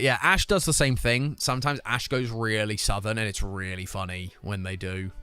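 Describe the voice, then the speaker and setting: A man's voice: fairly low pitch, steady tone, normal speed, few pauses, bright, forceful tone, clear, resonant tone, faint music behind. A young British man chatting casually on his live stream, reading viewer comments aloud and answering them. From United Kingdom.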